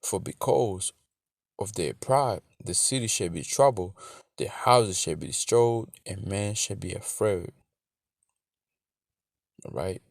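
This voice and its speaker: Low-voiced man reading scripture and news. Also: takes it slowly, vocal fry, pauses often, dry recording, clean studio sound. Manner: stumbling, repetitive reading with profanity. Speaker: religious teacher. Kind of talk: casual scripture teaching and reading news aloud. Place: in Australia.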